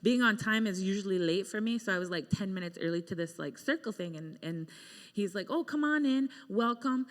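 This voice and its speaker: A woman's voice: on the low side, steady tone, a little fast. A woman singer-songwriter telling a chatty, self-mocking story between songs on a concert hall stage, speaking into a stage microphone. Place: concert hall stage before a live audience. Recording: long reverb of a large hall.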